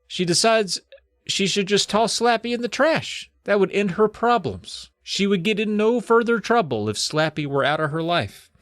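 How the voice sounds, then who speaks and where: A comedy podcast co-host bouncing through a plot recap with goofy asides. His voice sits a bit high and swings widely, dry and close to the mic. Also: normal speed, no room sound. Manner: animated, jokey storytelling.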